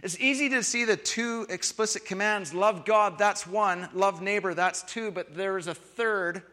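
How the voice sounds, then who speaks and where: Guy preaching in a church hall, bright high voice, soft then loud, big reverb. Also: measured pace, few pauses. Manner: expressive, shifts from soft to loud emphasis. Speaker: pastor. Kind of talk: sermon.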